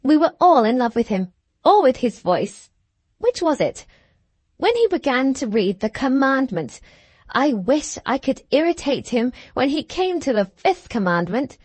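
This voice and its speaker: A hard, bitter young schoolgirl full of satirical scorn, read by a woman in an audiobook. Her voice sits fairly high and swings widely as she mocks and shows off. The sound is dry and close. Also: very animated, unhurried, darkish tone, slightly rough, no echo, full character voice. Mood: scornful. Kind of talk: audiobook character reading.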